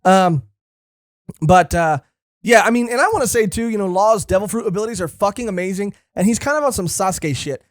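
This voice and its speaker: Excitable, profane male podcast co-host. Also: high-pitched, a little fast, dry recording, clean studio sound. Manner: enthusiastic, swears freely. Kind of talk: casual chat about a comic series.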